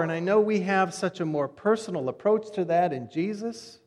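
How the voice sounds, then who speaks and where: Male pastor, chatty sermon delivery that fades soft at phrase ends, lightly raised pitch, echoing sanctuary. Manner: conversational storytelling, voice drops soft at phrase ends. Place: church sanctuary. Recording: long reverb of a church hall.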